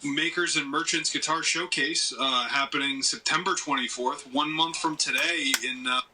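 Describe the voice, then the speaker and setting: A man co-hosting a casual chat show, talking in a halting way with frequent filler pauses. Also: on the high side, fairly even intonation, pushed and bright, recorded from a distance, rough recording. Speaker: co-host.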